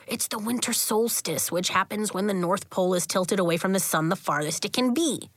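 A woman voicing an earnest, nervous fifth-grade boy in a children's audiobook, speaking in a quiet, muttering way. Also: medium pitch, brisk, no room sound, close to an everyday voice.

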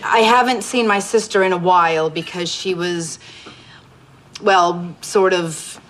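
A woman's voice: lowish voice, fairly even intonation, unhurried, a crowd in the background, natural voice. An actress playing a woman who hedges and stammers when explaining awkward things, in noisy sitcom audio. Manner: hesitant, hedging. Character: warm, evasive woman, the sister's sibling.

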